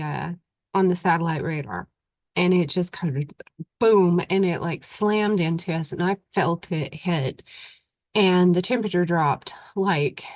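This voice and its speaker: A woman's voice: lowish voice, a little mellow, dry recording. A woman with an Oklahoma accent and a stuffy voice from recent illness, hosting her show in a rambling, chatty way into a computer mic at home. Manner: rambling, chatty, laughs often. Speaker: podcast host. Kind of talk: casual chat.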